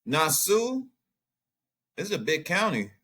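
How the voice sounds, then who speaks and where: A man's voice: on the high side, takes it slowly. A man hosting a casual, outspoken reaction commentary, thinking aloud as he looks things up and reads passages. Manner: animated, outspoken, thinks aloud while browsing maps and texts. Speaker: commentary channel host.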